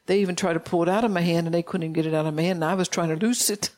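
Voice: medium pitch, fairly even intonation, rapid-fire, darkish tone. A preacher giving an informal, folksy sermon in a conversational way, often breaking into laughter.

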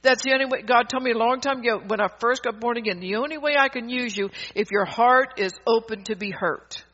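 Fervent lady preacher, rambles and restarts, sharp bright voice, dull old recording. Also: fairly high pitch, fairly quick. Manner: fervent and emphatic, often laughing mid-sentence. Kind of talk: sermon.

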